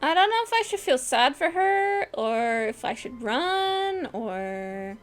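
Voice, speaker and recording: A woman reads game narration at an unhurried, slow pace, her voice rising and falling widely. She throws in dry, sarcastic remarks between the passages, with faint music underneath. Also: high voice, big pitch swings. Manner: wry, sarcastic asides. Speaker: game player reading narration. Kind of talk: reading visual novel narration with joking asides.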